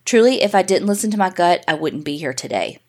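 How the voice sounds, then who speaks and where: A woman podcast co-host reading a listener's email story aloud in a steady storytelling voice. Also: on the low side, fast talker.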